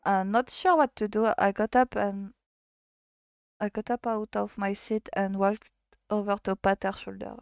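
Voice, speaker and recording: Slow, halting French woman streamer. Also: medium pitch, steady tone, clear, resonant tone, no room sound, clean studio sound. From France. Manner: hesitant, halting reading with frequent laughter. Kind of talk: reading a visual novel aloud on stream.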